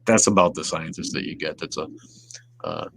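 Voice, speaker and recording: A man's voice: rumbling low, huge pitch swings, moderate pace, creaky, a bit bright, a little hiss or hum. A man hosting a casual livestream, reading viewer comments and rambling profanely, often trailing off into mumbles. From Southeast Wisconsin. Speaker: livestream host.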